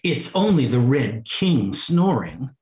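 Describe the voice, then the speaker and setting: Mocking, contrary little twin, read by a male preacher; slow, lilting storybook voice. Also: medium pitch, sing-song, darkish tone. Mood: smug.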